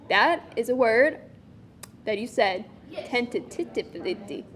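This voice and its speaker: A woman's voice: a little high, expressive, takes it slowly. A woman co-hosting with playful, teasing comedic banter. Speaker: co-host.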